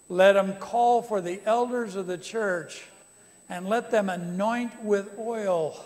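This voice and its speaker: A man preaching to a congregation, animated and rising to loud emphatic calls. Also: high voice. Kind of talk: sermon to a congregation. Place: conference center hall. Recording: long reverb of a large hall.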